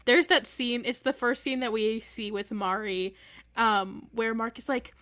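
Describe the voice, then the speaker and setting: A young woman co-hosting a podcast, animated and quick with her asides. Her voice sits a little high and sounds dry and close, with no room echo. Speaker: podcast co-host. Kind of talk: casual chat.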